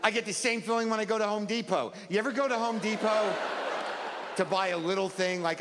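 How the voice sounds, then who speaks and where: Middle-aged male comic, fretful and self-mocking, pitched high; live stage with hall echo and loud background. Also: brisk. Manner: neurotic, self-deprecating rants with acted-out asides. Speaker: stand-up comedian. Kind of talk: stand-up comedy set. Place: stage in a comedy venue. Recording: live venue with long reverb and loud crowd noise.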